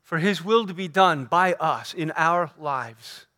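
A man preaching a sermon as pastor, earnest and emphatic, repeating key phrases and slowing down to stress quoted lines. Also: on the high side, animated, sharp tone. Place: church sanctuary.

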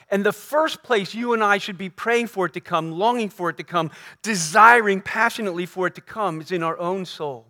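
A pastor with a high-pitched, pushed and bright voice preaches an earnest Sunday sermon from the pulpit of a church sanctuary. He drives his points home by repeating phrases emphatically and slowing down to stress quoted lines.

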